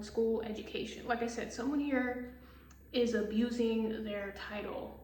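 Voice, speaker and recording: A woman's voice: a little high, darkish tone, recorded from a distance. A woman giving a casual tarot reading in a blunt, profane, exasperated way, laughing often. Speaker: tarot reader. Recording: echoey room with faint hiss.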